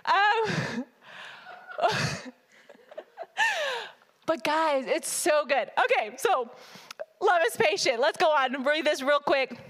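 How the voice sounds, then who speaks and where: A woman preaching a sermon in a humorous, animated way, talking straight to her congregation. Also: sits high, takes it slowly, long pauses.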